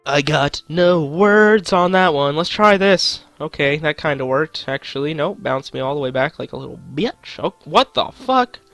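A man's voice: fairly high pitch, expressive, normal speed, few pauses, a bit bright, no echo, faint music behind. A young man commentating his own gameplay, joking to himself and swearing at the game. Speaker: gaming channel host.

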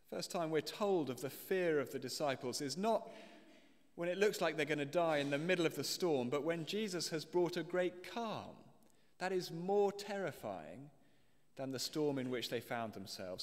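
A man's voice: on the high side, expressive, normal speed. A British man preaching a sermon, explaining a passage and reading scripture aloud to the congregation. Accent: British English. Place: church. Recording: long church reverb.

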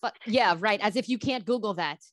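A woman hosting a casual quiz chat, excitable and quick to exclaim. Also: mid-range voice, no echo, clean studio sound. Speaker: show host.

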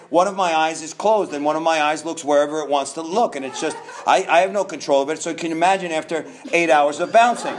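Man, recovery speaker, higher voice, self-mocking storytelling, noisy hall. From Miami, Florida. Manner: animated, self-mocking storytelling with many restarts. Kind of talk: personal recovery story at a conference. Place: conference hall.

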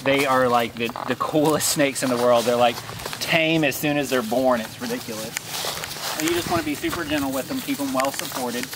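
A man's voice: medium pitch, fairly even intonation, moderate pace, heavy background noise. Laid-back man vlogging outdoors on a farm. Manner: laid-back, chatty, talks to the snake while handling it. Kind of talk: casual outdoor vlog narration.

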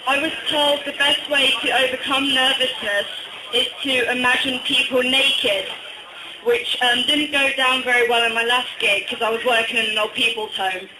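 A man with a slight northern English accent, from Durham, doing a hesitant stand-up comedy set full of ums and deadpan one-liners. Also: very high-pitched, moderate pace, background noise. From Durham, England. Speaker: stand-up comic. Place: small bar venue, indoors. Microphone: phone recording from the audience. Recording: echoey bar, phone-recorded.

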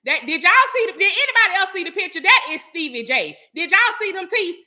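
A woman vlogger in casual gossip chat, animated and chatty, talking straight to her viewers and calling them child, baby and honey. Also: very high-pitched, fast talker. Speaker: vlogger host.

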